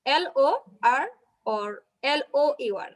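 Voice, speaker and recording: A woman moderates a webinar over a video call. Her voice is notably high, and her manner is polite and formal. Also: animated, slow, poor audio. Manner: polite, formal, addresses presenter as sir.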